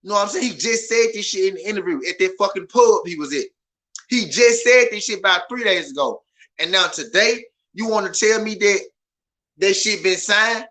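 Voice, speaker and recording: Loud, ranting man with a bright, high voice. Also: normal speed. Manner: loud, passionate, profane, repetitive. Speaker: boxing podcast host. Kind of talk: animated ranting commentary.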